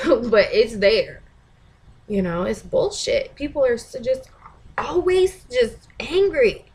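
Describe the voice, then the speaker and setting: A woman with a slightly high voice delivers a casual vlog monologue, blunt and full of swearing. She laughs easily and keeps an animated, opinionated energy as she talks. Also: takes it slowly, slightly rough. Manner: blunt, profane, laughs often; animated, mimics others in shouted asides. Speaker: vlogger.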